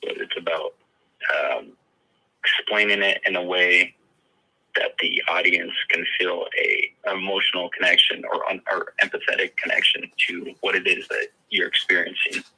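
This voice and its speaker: A man with a very low, husky voice that still has a sharp, bright edge. He talks in a halting way, stacking fillers and restarting his sentences as he practices his testimony. The sound is a little thin, like it came over a phone line. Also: steady tone. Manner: hesitant, many fillers and restarts. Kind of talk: coached interview practice.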